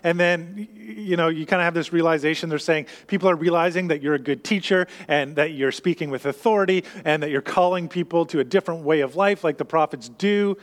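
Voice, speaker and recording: High-voiced man preaching in a reverberant hall. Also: fast, few pauses. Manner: conversational, explanatory teaching with frequent restarts. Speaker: pastor. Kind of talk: sermon.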